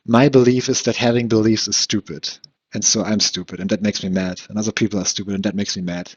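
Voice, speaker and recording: A man with a lowish voice talks alone into a dull, lo-fi microphone, circling his frustrations aloud. He keeps restarting sentences and questioning himself as he goes. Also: fairly even intonation, moderate pace, breathy edge. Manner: frustrated, rambling, self-questioning with frequent restarts and laughs. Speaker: podcast host. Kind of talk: solo rambling monologue. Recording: dull lo-fi recording.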